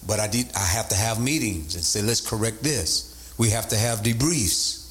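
A man's voice: normal speed, faint music behind. A man preaching a sermon as bishop, repeating points and rising into sing-song emphasis. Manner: animated, swoops from low to high pitch, sing-song emphasis.

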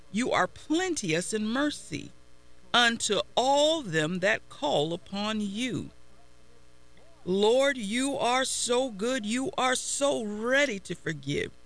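Woman preaching real slow, gravelly fry in her voice, keeps repeating lines. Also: a little high, lively intonation, a bit bright. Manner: slow, deliberate, repeats phrases for emphasis. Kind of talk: devotional sermon with scripture reading.

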